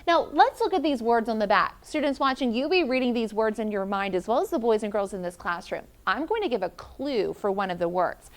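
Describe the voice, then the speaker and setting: A female teacher with a fairly high-pitched voice leads her class through phonics. She cheers the kids on while slowly sounding out the letters.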